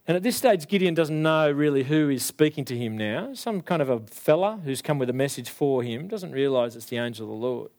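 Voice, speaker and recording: A young adult man preaching a sermon, animated and acting out the voices of biblical figures. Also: fairly high pitch, brisk.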